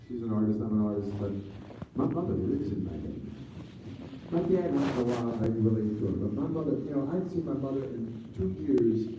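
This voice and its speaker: A man talking casually as an interview guest, telling rambling, animated stories with lots of restarts. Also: mid-range voice, brisk. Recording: distant mic, echoey room, dull sound, faint noise.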